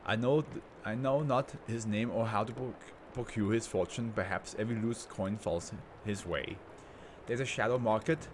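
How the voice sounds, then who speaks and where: A man plays an arrogant tycoon reduced to a brain in a jar. He talks down to everyone in grand, scornful phrases, in a fairly low voice. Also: moderate pace, background noise, close to an everyday voice. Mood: haughty. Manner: pompous, grandiose and contemptuous.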